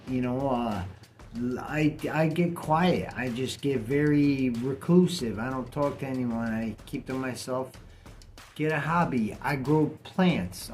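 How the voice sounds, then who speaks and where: A man's voice: mid-range voice, a little slow, darkish tone, slight background noise. A man talking bluntly and casually to camera in a vlog, cursing now and then. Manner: blunt, plainspoken, swears casually. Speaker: vlogger.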